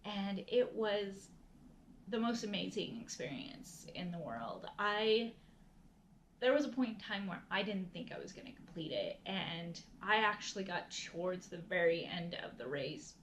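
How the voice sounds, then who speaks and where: A woman's voice: medium pitch, animated, measured pace, fairly bright tone, a little hiss or hum, low-quality recording. A woman vlogger telling a personal story in a casual, earnest, heartfelt way, often restarting her sentences.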